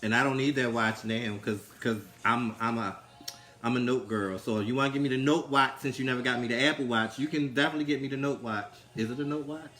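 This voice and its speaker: A man's voice: mid-range voice, steady tone, quick pace, soft background music. A young man with a Baltimore accent, co-hosting a casual livestream chat and teasing his co-host. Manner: sassy, teasing, loud bursts of laughter.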